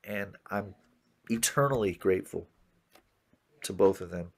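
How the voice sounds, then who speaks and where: A man in his fifties telling animated stories as an interview guest, often saying "man" and "you know" and acting out other people's words. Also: low voice, measured pace, gravelly, husky. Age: 50s. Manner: acts out others' words in quoted dialogue. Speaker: interview guest, jazz musician. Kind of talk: conversational storytelling interview.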